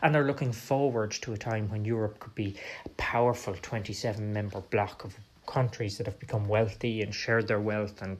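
An Irish man speaks as a podcast host in a long history monologue. He talks in an animated way and often restarts his sentences. He slips into quoted voices as he explains. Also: lowish voice.

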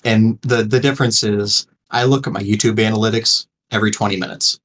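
A man's voice: fairly low pitch, fairly even intonation, fairly quick, fairly bright tone. A young man co-hosting a podcast, talking earnestly with frequent restarts and small chuckles. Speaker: podcast co-host. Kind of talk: casual podcast chat.

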